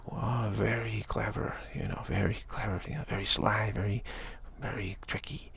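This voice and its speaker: Deep, gravelly, husky-voiced man. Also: fairly even intonation, normal speed, hardly any pauses. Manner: rambling, gentle, repetitive phrasing with frequent "you know". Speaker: spiritual speaker. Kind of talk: spiritual talk monologue.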